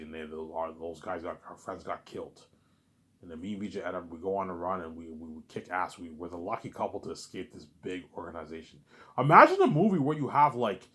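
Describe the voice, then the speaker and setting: A man with a low-sitting voice hosts his own listening series, rambling excitedly in a casual monologue. He stumbles over repeated words and keeps asking "you know what I'm saying."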